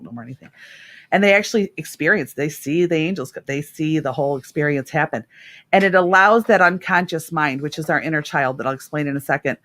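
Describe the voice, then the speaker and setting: A middle-aged woman hosting a radio talk show, a therapist telling stories about her clients in a casual, earnest way. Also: a bass voice. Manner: earnest, warm storytelling with laughs.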